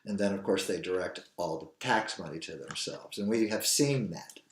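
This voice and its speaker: A man's voice: low voice, moderate pace, background noise. An older man hosting his own show, talking in a rambling, earnest, opinionated monologue. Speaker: show host. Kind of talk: opinionated solo commentary. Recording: echoey room.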